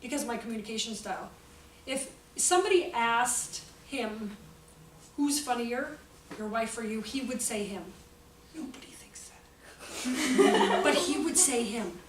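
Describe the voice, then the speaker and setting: A woman with a high voice talks to a room of teachers, chatty and quick to joke at her own expense. She sounds far from the mic, with a roomy echo and a faint hiss of background noise. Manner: chatty, joking, self-mocking, lively storytelling. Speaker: workshop presenter for teachers. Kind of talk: informal teaching talk.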